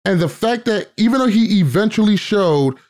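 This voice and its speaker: A man's voice: high-pitched, lively intonation, normal speed, darkish tone. A man hosting a podcast, ranting emphatically and swearing freely in casual chat. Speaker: podcast host.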